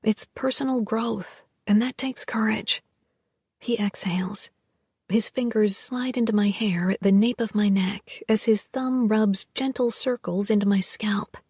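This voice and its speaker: Hushed, breathy woman narrating a romance. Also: mid-range voice, steady tone, a little slow, few pauses, no echo. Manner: soft, hushed, intimate delivery. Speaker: audiobook narrator. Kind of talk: first-person romance audiobook narration.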